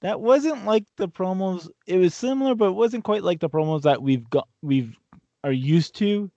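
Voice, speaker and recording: A man's voice: sits high, animated, moderate pace, warm tone, no echo, lo-fi sound. A man co-hosting a wrestling podcast, chatting casually and often stumbling over repeated words. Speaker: podcast co-host. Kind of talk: casual chat.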